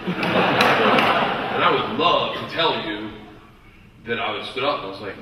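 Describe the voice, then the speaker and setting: A man doing stand-up, telling a story in a profane, animated way on a live festival stage. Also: medium pitch, unhurried, long pauses, recorded from a distance, heavy background noise. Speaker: stand-up comedian. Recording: echoey hall mic with loud audience.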